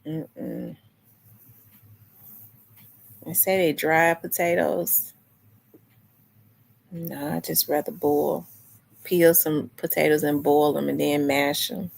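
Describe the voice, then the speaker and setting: A woman's voice: low-pitched, fairly even intonation, takes it slowly, creaky. A woman hosting a casual livestream, chatting with viewers in a loose, rambling way. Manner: chatty, restarts and talks back to chat comments. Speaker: livestream host. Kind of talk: casual chat with live viewers.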